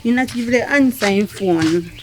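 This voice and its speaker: An actress with a Jamaican accent playing a country woman who defiantly denies she stole money, with quick, insistent retorts. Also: medium pitch, lightly acted. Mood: complaining. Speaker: actress in a short film. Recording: film audio with music behind.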